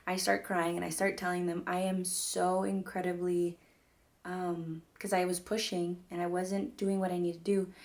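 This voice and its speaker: Telling a personal story to camera, this young vlogger rambles chattily and keeps saying "like" and "mind you guys." She has a fairly low, level voice at a moderate pace.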